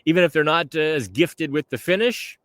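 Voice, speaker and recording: A man's voice: a little high, expressive, fairly quick, fairly bright tone, no room sound. A man hosting a casual podcast outdoors by the water, talking chattily to the camera. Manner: chatty, conversational. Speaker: podcast host.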